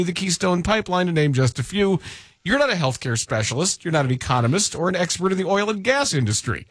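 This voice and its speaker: A man's voice: fairly high pitch, fairly bright tone, no echo. A man hosting a radio show, reading listener submissions with dry, mocking sarcasm and rhetorical asides.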